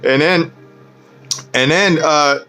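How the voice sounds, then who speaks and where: Guy hosting his own show, bright forceful voice a bit on the high side, reads a fairy tale and keeps stopping to preach at you, says man and okay constantly. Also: takes it slowly, faint music behind. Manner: laid-back, peppers talk with "man" and "okay"; preachy asides breaking into the reading. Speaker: show host. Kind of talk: casual commentary and storybook reading.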